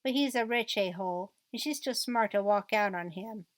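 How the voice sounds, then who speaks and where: A woman reads a bitter divorced mother's rant from a transcript, using a mostly plain voice with only light acting. Her pitch is medium, her speed normal, and the recording dry.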